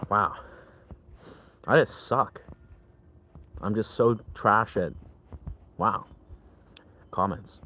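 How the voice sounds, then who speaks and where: A man's voice: lowish voice, a bit bright. A man chatting casually on a livestream, rambling, full of filler words, and replying to his chat. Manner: rambling, leans heavily on filler "like".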